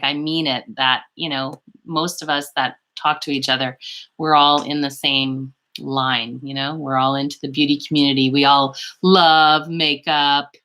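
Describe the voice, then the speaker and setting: A woman's voice: low-pitched, sharp tone. A woman beauty vlogger chatting casually on a live stream, rambling and laughing often, calling viewers "girl".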